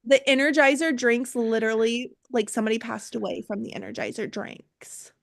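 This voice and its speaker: A woman's voice: a little high, normal speed, gravelly. A young woman who manages a restaurant, telling stories in a casual group chat and acting out both sides of the exchanges. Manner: animated storyteller acting out exchanges.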